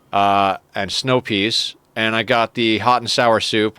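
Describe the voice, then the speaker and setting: A man's voice: medium pitch, moderate pace, few pauses, pushed and bright, clean tone, no room sound. A young adult man streaming a game, chatting casually and rambling with lots of swearing and enthusiasm. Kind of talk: casual chat while playing a game.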